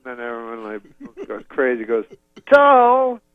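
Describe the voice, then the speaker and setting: A man doing an impression of a comedian telling a rambling, deadpan story, full of fillers and restarts, on dull lo-fi audio. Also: medium pitch, moderate pace, no echo, lightly acted.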